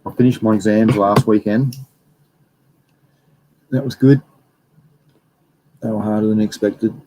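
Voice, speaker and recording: A man's voice: lowish voice, fairly even intonation, measured pace, mellow, slight background noise, low-quality recording. A young man hosting a casual livestream, rambling and reading out viewer comments. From Australia. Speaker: livestream host.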